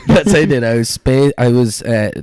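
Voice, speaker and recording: A man's voice: medium pitch, lively intonation, moderate pace, darkish tone, no room sound. A young Irish man, a podcast co-host, casually telling school stories and laughing as he acts out quotes. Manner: laughing storyteller acting out quotes. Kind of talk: casual chat, storytelling.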